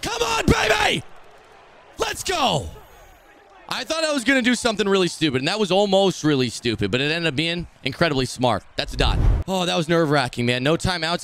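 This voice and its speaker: A young man gives live commentary on a football video game, his voice sitting fairly high and leaping up and down in pitch. He swears freely and flips from low grumbling to loud shouts at the screen. A faint hiss sits under the recording. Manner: excitable, swings from muttering to shouting at the game; profane trash talk.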